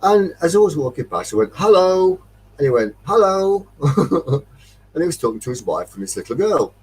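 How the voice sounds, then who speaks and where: A man's voice: mid-range voice, sing-song, moderate pace, a little mellow, husky, distant mic, poor audio. Rambling, tipsy Derbyshire man telling a story. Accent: English Midlands. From Derbyshire, England. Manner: rambling, chuckling anecdotes, acting out dialogue. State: tipsy after a few beers. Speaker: metal detecting chat host. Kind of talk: casual storytelling chat.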